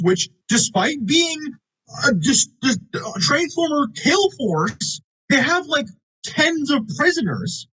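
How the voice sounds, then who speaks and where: A young man co-hosting a movie review podcast, animated and sarcastic, swearing and acting out lines from the film. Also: very high voice, slightly rough, poor audio. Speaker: podcast co-host. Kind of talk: casual movie review chat. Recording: uneven audio in parts.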